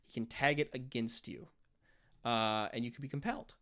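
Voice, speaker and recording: A man's voice: medium pitch, moderate pace, pushed and bright. A man narrating a tabletop role-playing game as game master, explaining rules and acting out monster noises.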